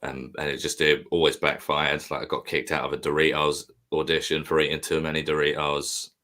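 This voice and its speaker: A man's voice: extremely low pitch, completely flat delivery, brisk, bright, forceful tone. A man co-hosting a live stream, telling rambling, self-mocking stories with lots of swearing. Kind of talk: casual chat, storytelling.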